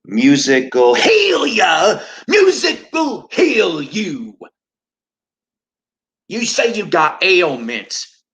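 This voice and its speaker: A man voicing a shouting faith-healer preacher who prescribes heavy metal, in a hollering revival style. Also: high-pitched, huge pitch swings, extremely slow, long pauses, voice pushed up, full character voice. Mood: preaching.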